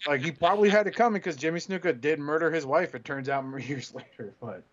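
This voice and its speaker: This podcast co-host is a man whose slightly high voice moves briskly through rambling anecdotes full of restarts. The lo-fi recording carries a bit of background noise, and the tone is casual chat.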